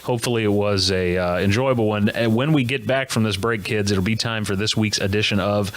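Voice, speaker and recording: A man's voice: lowish voice, a little fast, slight background noise. A man hosting a comedy show, delivering a jokey news monologue with self-mocking, rambling asides.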